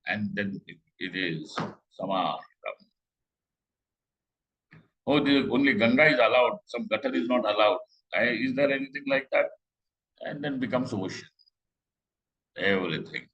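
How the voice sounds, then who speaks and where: A middle-aged man giving a scripture class, talking conversationally with rhetorical questions and slow Sanskrit quotes. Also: mid-range voice, expressive, a bit bright, muffled recording. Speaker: Vedanta teacher.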